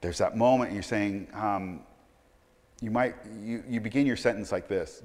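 A male pastor preaching a sermon, swinging between loud emphatic stretches and quiet low asides, often repeating words as he starts a sentence. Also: lively intonation, moderate pace, long reverb tail.

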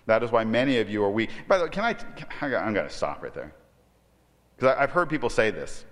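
A man preaching a sermon as pastor, animated, moving from quiet explanation to emphatic outbursts. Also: on the low side, quick pace. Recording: long reverb of a hall.

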